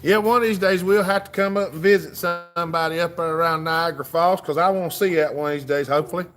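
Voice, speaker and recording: A man's voice: fairly high pitch, steady tone, fast, fairly bright tone, faint music behind. A man with a Southern US accent hosting a casual livestream, reading out viewer comments in a folksy, drawling way. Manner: folksy, drawling, reads chat aloud. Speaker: livestream host.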